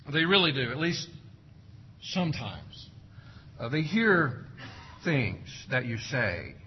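A man's voice: on the high side, slightly rough, highs cut off. A man preaching a sermon as pastor, emphatic and full of rhetorical questions. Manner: emphatic, rhetorical questions, acts out parents' sayings.

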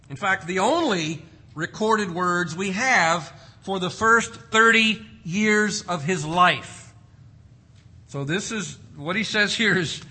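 A man preaches with a high, very bright voice that carries a husky grain. He works through rhetorical questions and slows down to lean on key words, keeping an emphatic teaching rhythm. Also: low-quality recording. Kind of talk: expository sermon.

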